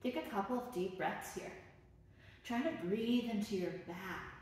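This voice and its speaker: Woman yoga teacher for kids, slow and gentle, heard from a distance in a very echoey room. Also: medium pitch. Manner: gentle, encouraging, playful instructions. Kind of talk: guided children's yoga class.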